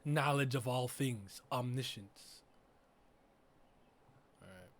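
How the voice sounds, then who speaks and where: A man giving a casual reaction commentary as a streamer, laughing and swearing with loud frustrated outbursts. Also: mid-range voice, slow. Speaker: streamer reacting to an anime episode.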